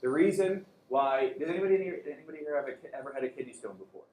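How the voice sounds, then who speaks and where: A man's voice: on the high side, rapid-fire, darkish tone. A man teaching an anatomy class, lecturing casually, joking and quizzing his students. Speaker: anatomy and physiology instructor. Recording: echoey classroom, faint room hum.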